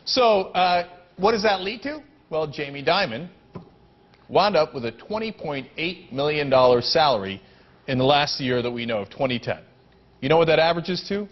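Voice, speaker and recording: Male commentary host, high lively voice, sarcastic, indignant, slightly dull lo-fi sound. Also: moderate pace. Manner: sarcastic and indignant, mocking in asides. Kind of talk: heated political commentary.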